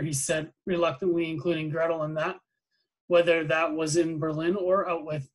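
A man reading a novel aloud to his students in a plain, even voice, with small slips and self-corrections. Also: a little high, fairly quick, poor audio.

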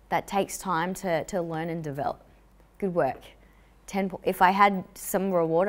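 A woman giving an upbeat, jokey live talk to a young audience as a motivational speaker. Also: lowish voice.

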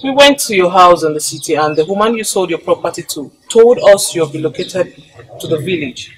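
A woman's voice: fairly low pitch, expressive, brisk, slightly rough, poor audio. An actress with a Nigerian accent playing a mother seeking her child's father in a Nollywood drama, earnest and pressing. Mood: accusing. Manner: earnest, polite but pressing.

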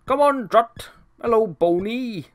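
A man's voice: extremely high pitch, expressive, slow pace, pitched above the performer's own voice, exaggerated voice. A man voicing a nervous little male monster servant who mutters to himself as he works. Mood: fretful.

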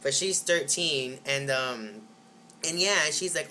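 A man's voice: mid-range voice, measured pace, sharp tone, slight background noise. A teenage boy telling a story in a casual vlog, rambling with lots of fillers and sounding exasperated. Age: teens. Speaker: vlogger.

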